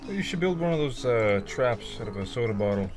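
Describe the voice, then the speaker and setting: A man's voice: mid-range voice, expressive, fairly quick, over music. A man joining a card game stream, teasing and joking bluntly.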